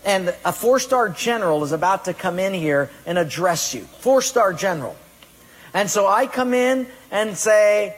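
A man's voice: high-pitched, expressive, moderate pace. A man preaching a sermon to a congregation, emphatic and firing rhetorical questions at them. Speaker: pastor. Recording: long hall reverb.

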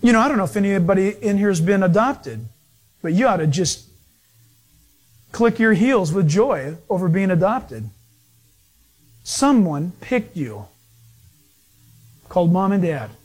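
A man preaching a sermon as a pastor, telling stories in an animated way and acting out the people in them. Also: high-pitched, measured pace, long pauses, breathy edge. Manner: animated storytelling with acted-out quotes.

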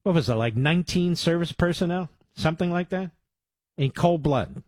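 A man's voice: a little high, normal speed, darkish tone, no room sound. A man hosting talk radio, combative and sarcastic, cutting into clips with insults. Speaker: radio talk show host.

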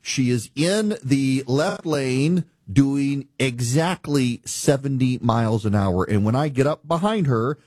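A man with a husky, slightly breathy voice speaks in a middle pitch, rolling through an exasperated monologue. The sound is dry and close, with little room around it. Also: expressive, slow, hardly any pauses, darkish tone, no room sound. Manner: ranting, incredulous, laughing at his own stories. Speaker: talk show host. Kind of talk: casual monologue.

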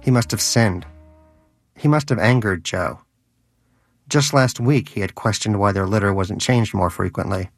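A man's voice: fairly low pitch, normal speed, no echo, soft background music. A man narrating an audiobook in a dry, wry storytelling manner.

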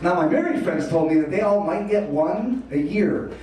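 Man, stand-up comedian, mellow tone, far from the mic, cavernous echo. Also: on the high side, animated, normal speed, slight background noise. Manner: conversational, confiding asides to the crowd. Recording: very echoey room from a distance.

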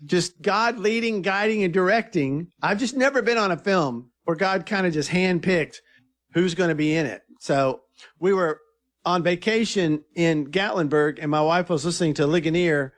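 A middle-aged filmmaker talking in an interview, an earnest and animated storyteller who often restarts his sentences. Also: sits high. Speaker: filmmaker guest.

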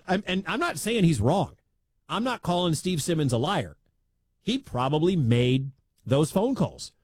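A Midwestern American man hosts sports radio, talking through the news in a loose, rambling, animated way and chuckling at the story as he goes. His voice is a little high and rises and falls a lot. The recording is dry and close, with no room sound, in the style of casual talk radio commentary.

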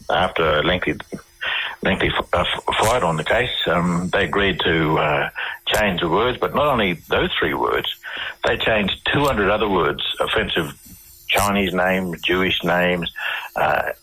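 Guest: Australian man, low and bright-edged, husky, rambling restarts. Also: low-quality recording. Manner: rambling, repeats and restarts words. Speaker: interview guest. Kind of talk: conversational storytelling.

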